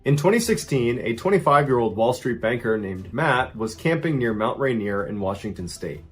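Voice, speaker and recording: A man narrating a true story with suspense, dropping low and quiet and then rising at tense moments. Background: faint background music.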